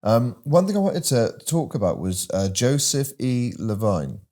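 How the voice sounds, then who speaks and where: A man hosting an interview, admiring and asking his guest gentle questions. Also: mid-range voice, very animated, a little slow. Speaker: interview host. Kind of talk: interview chat.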